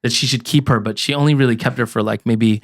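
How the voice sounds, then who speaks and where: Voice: mid-range voice, fairly even intonation. A podcast host chatting casually, who jumps in eagerly to retell a shared family memory. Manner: eager, fast interjecting storyteller. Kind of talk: casual chat.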